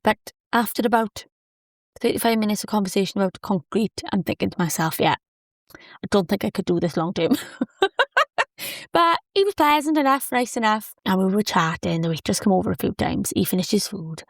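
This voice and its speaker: A woman hosting a solo podcast, telling a dating story in a chatty, animated, self-deprecating way with lots of quoted asides. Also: mid-range voice, brisk, no room sound, clean studio sound. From Wales. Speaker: podcast host.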